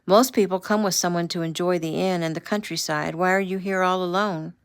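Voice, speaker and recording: A woman's voice: on the low side, fairly even intonation, clean tone, natural voice. A woman reading as a sassy young ranch daughter. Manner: brisk, sassy, teasing.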